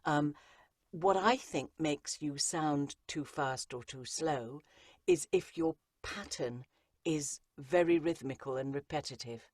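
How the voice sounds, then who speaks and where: A woman's voice: deep voice, takes it slowly, a little mellow, dry recording, clean studio sound. A woman, an audiobook narrator and coach, explaining her craft in an interview and driving points home through repetition. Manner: emphatic, repeats phrases for effect. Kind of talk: interview conversation.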